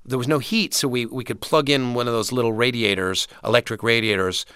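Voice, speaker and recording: A man telling vivid, rambling stories as a guest in a casual interview. His voice is bright and forceful, and the studio microphone sounds dry and close. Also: mid-range voice, fairly even intonation, fairly quick, clear, resonant tone, no echo.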